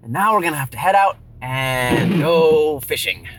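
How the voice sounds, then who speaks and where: A storyteller addresses an unseen zombie friend in a playful, one-sided exchange, animated and gently teasing with the patience of someone coaxing a child. The medium-pitched voice moves at normal speed, and the rough recording has a little hiss or hum.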